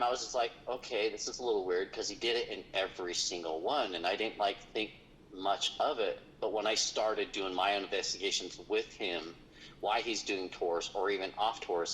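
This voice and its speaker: A man's voice: fairly low pitch, fairly bright tone, a little hiss or hum, rough recording. A man, a paranormal investigator, telling a story in casual conversation, rambling with lots of fillers.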